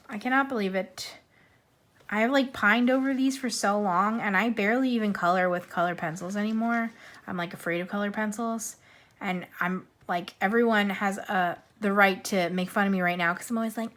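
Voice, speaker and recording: A woman's voice: mid-range voice, normal speed, a bit bright. A woman vlogger chatting casually about a coloring book haul, gushing and bubbly, while losing her voice. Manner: bubbly, gushing, repeats 'super'. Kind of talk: casual chat.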